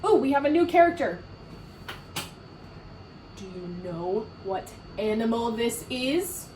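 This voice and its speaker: A woman teacher reading a picture book aloud to children, animated and full of questions, with a roomy echo from a distant mic. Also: on the high side, slow pace, a little hiss or hum. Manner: animated, asks questions, laughs.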